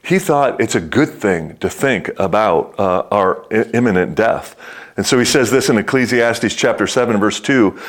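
Middle-aged male pastor, casual storytelling sermon delivery, halting with fillers, sobers down low for weighty lines. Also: lively intonation. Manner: storytelling with many fillers and restarts, dropping low and slow for serious words.

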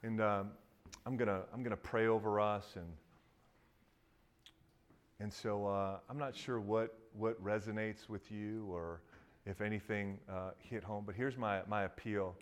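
A middle-aged man, a pastor, preaching a sermon in a conversational way, with many restarts and fillers, lively in stories and quiet and earnest in prayerful parts. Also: fairly low pitch, unhurried. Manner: animated storytelling that drops to a quiet, earnest tone.

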